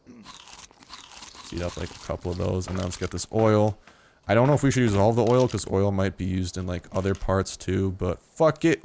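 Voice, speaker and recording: A young man giving casual gameplay commentary in a rambling, jokey way with plenty of swearing. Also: lowish voice. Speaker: gaming YouTuber.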